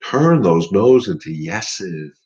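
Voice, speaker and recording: A man's voice: low voice, sing-song, takes it slowly, darkish tone, husky. Emphatic man coaching, lo-fi sound. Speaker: dog trainer hosting a live Q&A. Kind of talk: casual live-stream talk.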